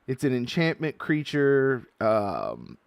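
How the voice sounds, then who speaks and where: Slow-talking guy opening card packs, casual chatter, reads the cards out, dry close sound. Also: medium pitch, gravelly, dry recording. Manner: chatty, reads card text aloud, gets loudly excited at good pulls. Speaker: card-opening video host. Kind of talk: casual unboxing commentary.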